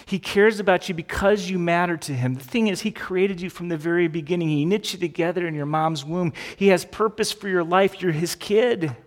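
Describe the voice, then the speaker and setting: A man's voice: high-pitched, brisk, few pauses, long reverb tail. Conversational man preaching a sermon. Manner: conversational, animated preaching with rhetorical questions. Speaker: pastor.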